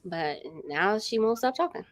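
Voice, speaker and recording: A woman chatting on a video call, expressive and playful, mimicking others as she talks. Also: mid-range voice, moderate pace, no echo. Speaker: reading sprint guest. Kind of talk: casual group chat.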